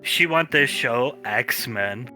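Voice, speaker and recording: A clipped, blunt fellow who drops his little words and speaks in broken English, as a man puts him on. His voice is bright and cutting and swings widely in pitch. Soft guitar plays underneath. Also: expressive, drawn-out words, heavily acted. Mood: scheming.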